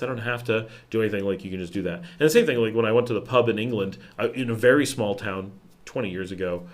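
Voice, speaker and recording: Chatty American man with a lowish voice. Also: fast talker. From United States. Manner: rambling and conversational, many fillers and restarts, voice drops low at phrase ends. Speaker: livestream host answering viewer questions. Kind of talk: casual live Q&A chat.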